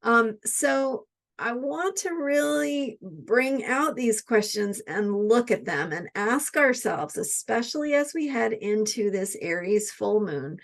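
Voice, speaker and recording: A woman's voice: on the high side, very animated, a little slow. A woman astrologer teaching in a reflective spoken style, often repeating her questions and asking "right?" between her points.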